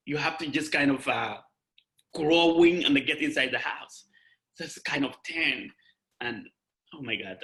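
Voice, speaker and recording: A young man giving an emotional personal testimony over a video call, halting and restarting often. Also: a little high, sharp tone. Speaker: guest speaker.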